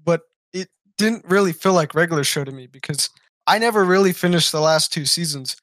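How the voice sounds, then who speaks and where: A man's voice: a little high, brisk, a bit bright, no room sound, clean studio sound. A young man co-hosting a podcast, chatting casually in a rambling, enthusiastic way. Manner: rambling, enthusiastic, lots of fillers. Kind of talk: casual chat.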